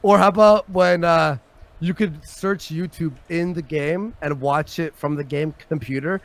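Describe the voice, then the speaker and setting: A man hosting a casual livestream chat, telling stories in an animated way and swearing often. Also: on the high side, unhurried. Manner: animated, swearing storyteller who swings from loud to mumbled. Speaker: show host.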